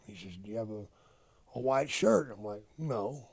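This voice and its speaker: An older man, a retired wrestler, telling stories in a casual interview, profane and animated as he acts out old conversations. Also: on the low side, normal speed. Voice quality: gravelly, husky. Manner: profane, animated storyteller acting out quoted dialogue.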